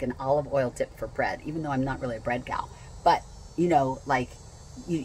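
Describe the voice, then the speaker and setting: A woman with a lowish voice gushes over each item in her unboxing vlog, repeating her praise in a bubbly rush. She talks casually from home, and a faint outdoor hum sits behind her. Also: rough recording. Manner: gushing and enthusiastic, repeats herself. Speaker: essential oils seller.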